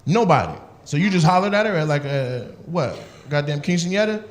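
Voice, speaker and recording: A man's voice: on the high side, expressive, a little hiss or hum. A male comedian doing profane, teasing crowd work with audience members. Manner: teasing, profane, quick banter. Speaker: stand-up comedian.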